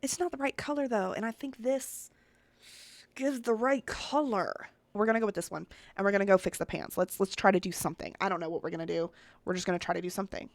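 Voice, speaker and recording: A woman of middle pitch chats her way through a game-building session, thinking aloud, second-guessing her picks and turning to the viewers now and then. Her voice is close and dry, with no room sound around it. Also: steady tone, fast, dry recording. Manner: chatty, thinks aloud, often addresses the viewers. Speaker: Sims content creator. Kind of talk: casual commentary while playing a game.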